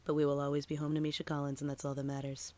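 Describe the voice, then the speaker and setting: Female co-host from Massachusetts, lower register, animated casual chat with lots of laughs and "like". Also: rapid-fire, no room sound. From Massachusetts, USA. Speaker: podcast co-host.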